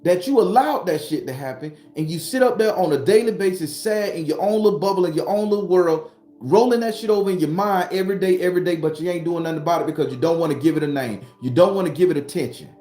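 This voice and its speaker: A man with a high, fast, warm voice speaks in a roomy-sounding space, sitting behind his home studio. He's a spiritual vlogger and tarot reader delivering a blunt, profane, casual motivational monologue, preaching through repeated phrases.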